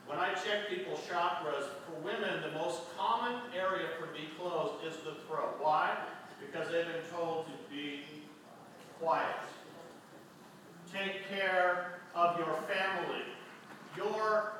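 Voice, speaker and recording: A man's voice: sits high, bright, forceful tone, a little hiss or hum. A man preaching a sermon, conversational and emphatic as he retells a story. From United States. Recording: echoey room from far off, faint ambience.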